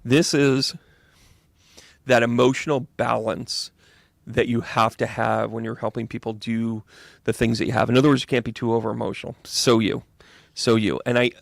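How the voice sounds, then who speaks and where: Chatty man with a gravelly voice. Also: mid-range voice, dry recording. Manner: chatty, rambling, jokey, bursts of excitement. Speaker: psychic medium reading tarot. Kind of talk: live astrology and tarot reading.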